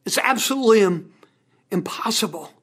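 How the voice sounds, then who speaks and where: A pastor preaching a sermon in an animated way, with big swings in pitch and repeated words. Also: normal speed, slightly rough.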